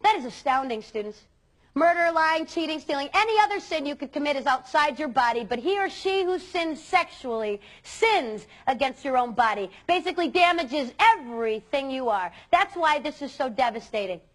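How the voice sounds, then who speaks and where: Earnest, emphatic woman speaker with a high voice. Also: lively intonation, normal speed. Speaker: youth speaker. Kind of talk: motivational talk to students.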